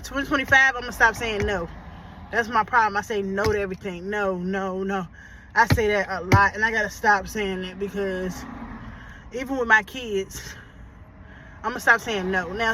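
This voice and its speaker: A woman vlogging casually to her viewers, loud and profane and laughing often, talking about being a mother. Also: mid-range voice, fairly even intonation, moderate pace. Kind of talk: casual vlog chat. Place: outdoors and in a car. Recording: noisy background.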